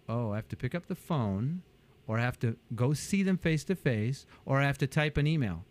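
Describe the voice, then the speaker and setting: A male business coach, interviewed, speaks expressively at a moderate pace, performing quotations with sharp jumps in pitch and lots of animation.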